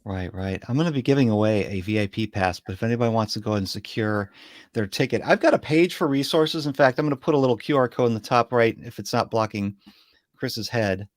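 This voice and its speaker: A man hosting a casual livestream over a video call, talking in a relaxed, halting way with many fillers. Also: mid-range voice, no echo, studio quality. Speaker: livestream host.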